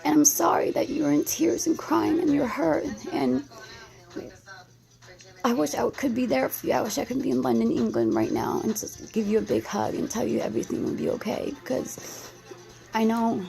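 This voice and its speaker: A woman's voice: a little high, animated, normal speed, creaky, darkish tone, soft background music. A woman in her thirties from the United States, talking anxiously and rambling in an emotional vlog response, with many restarts. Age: 30s.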